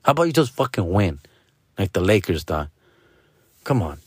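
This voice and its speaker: A man's voice: sits low, big pitch swings, moderate pace, breathy edge, dry recording, clean studio sound. Profane ranting Los man. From Los Angeles. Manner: profane, slangy, keeps calling the listener dog and fool. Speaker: sports fan vlogger. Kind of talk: casual ranting monologue.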